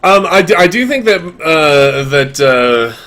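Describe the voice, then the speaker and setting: Middle-aged man, show host, bright forceful tone, relaxed unhurried explaining. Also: fairly high pitch. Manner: relaxed, explains patiently with fillers. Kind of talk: casual call-in chat.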